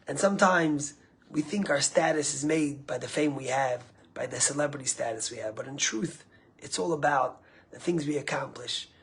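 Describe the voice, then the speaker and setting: A male rabbi gives a storytelling sermon in a very breathy, husky voice. He lifts his voice for emphasis, then lets phrases trail off softly into near-whispers. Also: mid-range voice, normal speed.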